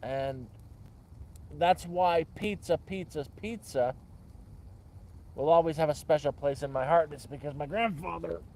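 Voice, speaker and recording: A man's voice: a little high, unhurried, vocal fry, pauses often, dark tone, slight background noise. A man rambling in a casual, repetitive chat by a campfire, with restarts and swearing. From Canada. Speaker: vlogger. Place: outdoors by a campfire.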